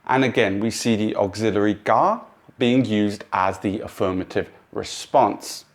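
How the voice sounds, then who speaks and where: Man giving a measured language lesson. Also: fairly low pitch. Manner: clear, measured, instructive delivery. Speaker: language teacher. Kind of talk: scripted explanatory narration.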